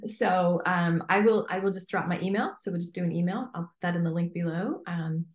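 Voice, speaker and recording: A woman coach speaking as an interview guest, talking emphatically and in an animated way, often acting out imagined inner voices. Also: on the low side, a little fast, reverberant.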